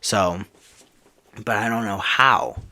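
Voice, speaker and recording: A brooding masked hero, voiced by a man retelling a story. He speaks low and subdued, halting and unsure. The sound is dry and close. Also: pushed and bright, no room sound, heavily acted. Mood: troubled.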